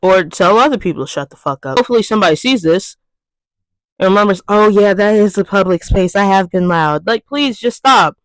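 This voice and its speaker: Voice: medium pitch, animated, a little fast, a bit bright, no room sound, poor audio. Exasperated profane vlogger ranting. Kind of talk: casual rant to camera.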